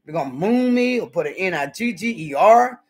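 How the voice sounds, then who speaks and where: A woman's voice: mid-range voice, animated, normal speed, slightly rough, poor audio. A middle-aged woman with a Southern American accent chats casually on a live stream while cooking at home. She talks in a sassy, blunt way and cusses freely. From southern United States. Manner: sassy, blunt, lots of cussing. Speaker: YouTuber.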